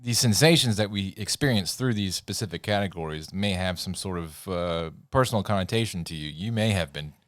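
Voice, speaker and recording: A man's voice: low voice, brisk, hardly any pauses, fairly bright tone, no room sound, studio quality. A man co-hosting a podcast, telling stories in a rambling, laughing way and losing his words now and then. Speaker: podcast co-host. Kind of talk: casual podcast chat.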